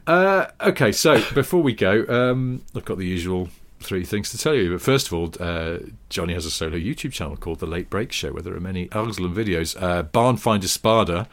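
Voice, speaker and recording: A man's voice: low-pitched, a little fast, few pauses. A man co-hosting a podcast, chatting casually in a rambling, self-deprecating way. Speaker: podcast co-host. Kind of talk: casual chat.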